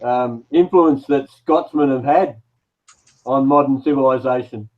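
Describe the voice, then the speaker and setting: A man in a casual online chat, speaking haltingly with fillers. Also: mid-range voice, narrow, tinny audio.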